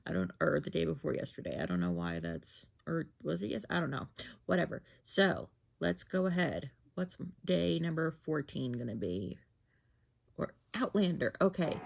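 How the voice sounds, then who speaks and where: A woman's voice: low voice, sing-song, a little slow, creaky. A young woman chatting casually to camera at home as a vlogger, rambling with many fillers and self-corrections.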